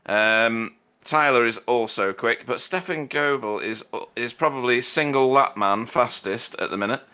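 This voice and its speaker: Bright, crisp man commentating. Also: medium pitch, a little slow. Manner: chatty, dry self-deprecating humor. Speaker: sim racing commentator. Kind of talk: live race commentary.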